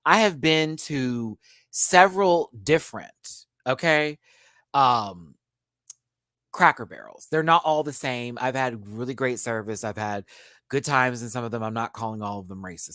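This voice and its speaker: A man hosting a live stream, telling a story in a casual, animated way straight to his viewers. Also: medium pitch, a little slow, pauses often, no echo, clean studio sound. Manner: animated, chatty, addresses viewers as y'all.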